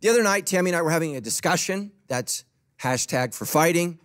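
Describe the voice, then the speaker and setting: In a church auditorium, a middle-aged pastor preaches a conversational, joking sermon, acting out quoted voices. His voice sits on the high side, expressive and a little fast.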